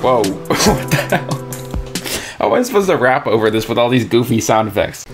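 Sarcastic young man over loud music. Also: mid-range voice, big pitch swings, moderate pace. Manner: joking, sarcastic, laughs often. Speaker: music reaction YouTuber. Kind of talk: casual reaction commentary. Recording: music playing loudly under the voice. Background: his own music playing.

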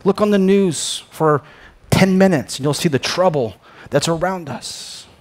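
A man preaching a sermon as pastor, emphatic, swinging between loud proclamations and quiet asides, often repeating words as he starts a phrase. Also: fairly high pitch, measured pace. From United States.

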